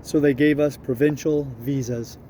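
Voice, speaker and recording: A man reading a novel aloud at a steady, unhurried pace, now and then correcting himself. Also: medium pitch, a little hiss or hum. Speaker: audiobook reader.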